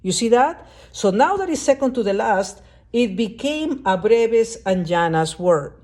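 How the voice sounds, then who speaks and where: A woman's voice: a little high, very animated, measured pace, a little mellow. A woman teaching a lesson at a whiteboard, explaining step by step and often checking that the class understands. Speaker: Spanish teacher.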